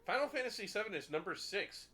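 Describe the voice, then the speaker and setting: Man hosting podcast quiz, bit high voice, very animated pitch, playful. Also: fast, breathy edge. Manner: lively, teasing and laughing. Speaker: quiz host. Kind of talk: casual podcast chat.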